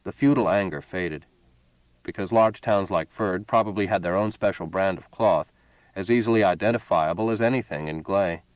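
A man narrating a story in a steady, measured reading voice. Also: low voice, dry recording, dull audio. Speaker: audiobook narrator. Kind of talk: scripted narration.

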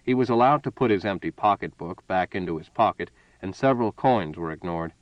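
A man narrating a story in a measured, even reading style. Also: deep voice, no room sound. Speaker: audiobook narrator. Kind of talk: scripted narration. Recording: dull dry lo-fi recording.

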